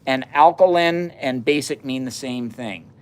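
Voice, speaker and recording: A man's voice: mid-range voice, measured pace, darkish tone, clear, resonant tone. A man hosting a casual chemistry livestream, chatting to viewers as he runs experiments, laughing often. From United States. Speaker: livestream science host. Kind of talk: casual live demo chat.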